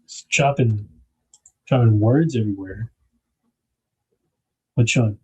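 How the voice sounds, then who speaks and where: A man's voice: mid-range voice, lively intonation, moderate pace, pauses often, mellow, breathy edge. A man hosting a casual livestream, chatting to viewers, reading their comments aloud and laughing often. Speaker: livestream host.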